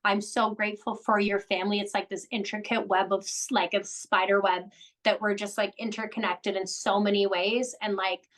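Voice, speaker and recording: A woman's voice: medium pitch, level tone, normal speed, a bit bright, low-quality recording. A woman guest on a podcast, talking in a heartfelt, earnest way in long run-on sentences. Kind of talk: candid unscripted chat.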